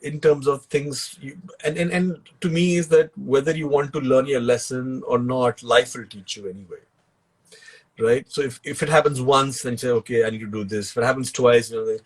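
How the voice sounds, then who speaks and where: A man with an Indian English accent tells his stories in a relaxed, husky voice. He laughs often and slips Hindi phrases into his English. The sound comes through a video call. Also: medium pitch, normal speed. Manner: laughs while telling anecdotes, mixes in Hindi phrases. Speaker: actor and author, guest. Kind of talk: relaxed storytelling in an interview.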